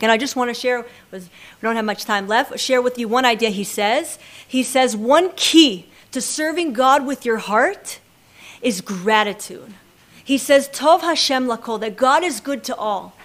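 Woman Torah teacher, somewhat high voice, religious class talk, acts out quoted lines as she tells stories. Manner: expressive storyteller who acts out quoted lines.

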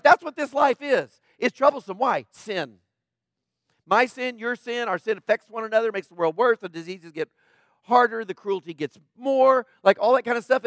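A high-pitched man delivers a sermon in a conversational, emphatic way, punctuating his points with quick tag questions. His voice sounds close and dry, with almost no room around it. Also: a bit bright, dry recording. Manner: emphatic, tags points with "right?"; plainspoken, preachy asides. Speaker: pastor.

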